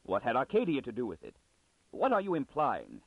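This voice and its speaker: A man reading the part of a calm, firm male scientist who speaks steadily. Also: medium pitch, normal speed, no echo. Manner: steady, reassuring. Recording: dry, phone-like narrow sound.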